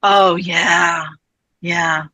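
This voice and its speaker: A woman speaks on a convention panel in a bright, forward voice with a dry, close sound. She retells stories chattily and with feeling, filling the gaps with frequent ums. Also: fairly low pitch, fairly even intonation, very slow, no echo, low-quality recording. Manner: chatty, retells stories with warmth and many fillers.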